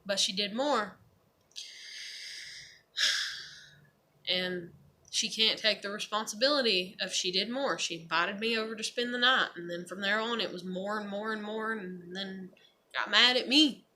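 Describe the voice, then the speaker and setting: A woman's voice: medium pitch, measured pace, long pauses, bright, forceful tone. A young woman talking candidly to the camera in a rambling personal vlog, swearing freely. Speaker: vlogger. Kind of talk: casual personal vlog monologue.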